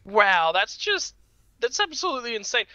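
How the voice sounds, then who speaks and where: Male esports caster: high, very bright tone, dry close-miked sound, animated delivery. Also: moderate pace, dry recording, dull audio. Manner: animated, shouts at big plays. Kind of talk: excited esports commentary.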